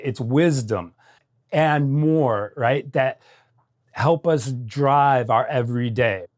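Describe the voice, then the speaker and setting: A man's voice: mid-range voice, darkish tone. A middle-aged man from the United States, a guest telling his story in an interview with raw intensity, swearing freely and often adding "right?".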